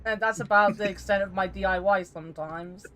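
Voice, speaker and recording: A woman's voice: medium pitch, fairly even intonation, fairly quick, fairly bright tone. A woman streamer in casual voice chat during a game stream, rambling and joking, swearing freely.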